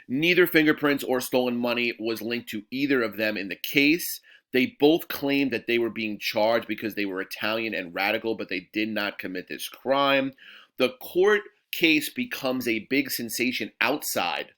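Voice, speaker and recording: A man's voice: fairly low pitch, a bit bright. A male history teacher giving a casual, digressive recorded lesson to his class.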